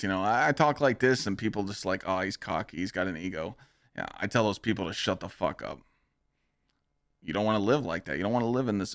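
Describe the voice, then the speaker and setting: On a streaming mic, a young podcast host livestreams casual chat, bragging and swearing through a rambling, blunt pep talk. His voice is lowish and slightly bright, captured cleanly in a studio with no room sound.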